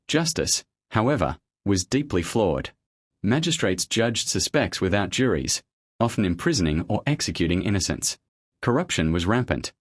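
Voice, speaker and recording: Low guy narrating a history doc, dry close sound, lots of rise and fall in his voice. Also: no echo. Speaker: documentary narrator. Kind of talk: scripted documentary narration.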